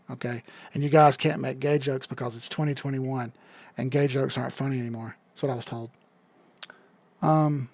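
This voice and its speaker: Man, gravelly voice, dry close sound, rambling casual live stream host. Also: mid-range voice, darkish tone, dry recording. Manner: laid-back, rambling, swears casually, reads chat aloud.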